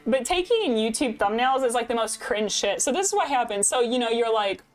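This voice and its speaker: A woman streaming a game live, chatting casually with her viewers in a playful, deliberately bad put-on British accent. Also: on the high side, lively intonation, soft background music, rough recording. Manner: chatty, giggly, talks to chat.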